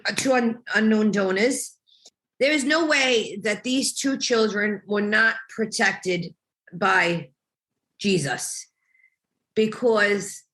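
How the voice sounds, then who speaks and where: Woman in her thirties, bright and slightly high voice, emotional first-person testimony with reported dialogue. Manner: emotional, reflective, quotes dialogue with small laughs. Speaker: mother telling her family's story.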